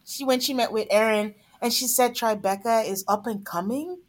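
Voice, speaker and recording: A woman co-hosting a podcast in casual chat, laughing often and trailing off softly. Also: on the high side, moderate pace. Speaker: podcast co-host.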